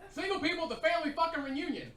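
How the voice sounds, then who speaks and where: Male stand-up from Indiana, high lively voice, crude rambling delivery, distant roomy club recording. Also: racing, a little hiss or hum. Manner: crude, rambling storytelling with many fillers. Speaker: stand-up comedian. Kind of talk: stand-up comedy set. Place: small comedy club.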